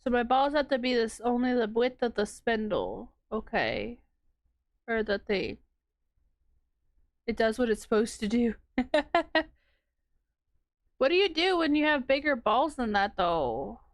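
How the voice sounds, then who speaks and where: A woman's voice: a little high, big pitch swings, a little slow, pauses often, dry recording. A woman streamer chatting casually with her live chat while winding yarn, laughing often and reacting to comments.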